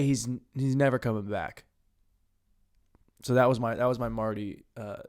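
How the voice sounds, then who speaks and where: Rambling comedian talking to himself. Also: male voice, medium pitch. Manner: rambling, self-mocking, crude jokes; swings from mumbled asides to loud bursts. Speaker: podcast host. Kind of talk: solo comedy monologue.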